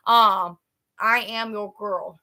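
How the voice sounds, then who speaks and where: A woman's voice: mid-range voice, fairly even intonation, takes it slowly, bright, forceful tone. A woman hosting a live stream at home, chatting in a folksy, repetitive way and calling her viewers "y'all". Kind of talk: casual live-stream chat. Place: home, a trailer.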